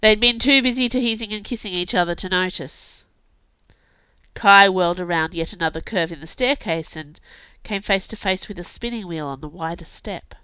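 A woman reads her own story aloud, lively and expressive, with a lowish but bright, forceful voice. She hosts her own podcast. The sound is dry and close, and a bit dull and lo-fi. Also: clear, resonant tone, dry recording. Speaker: author and podcast host. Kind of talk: scripted audiobook narration.

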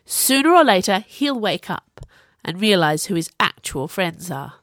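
A woman's voice: lowish voice, expressive, a little slow, fairly bright tone, no echo, clean studio sound. Woman voicing a haughty, snappish young mage. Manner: cross, snappish.

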